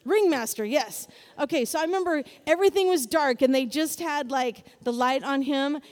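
High-voiced woman preaching in a reverberant hall. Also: moderate pace. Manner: animated, builds to loud exclamations. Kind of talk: sermon.

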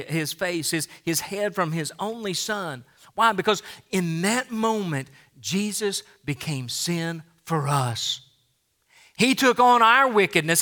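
High bright-voiced guy preaching a sermon, earnest, keeps repeating words. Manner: earnest, repeats words often when building a point. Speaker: pastor.

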